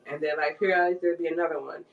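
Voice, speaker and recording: A woman's voice: low voice, fairly even intonation, racing, creaky, phone-quality sound. A young woman from Ohio telling a story in casual chat, laughing often and putting on voices for quotes. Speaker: tarot reader.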